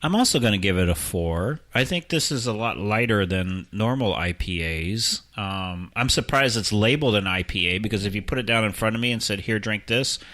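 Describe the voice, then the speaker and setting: Male podcast host, chatty and bantering, with a bright, lively delivery. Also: lowish voice, fairly quick, hardly any pauses. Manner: leads the talk, joking banter. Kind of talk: casual chat.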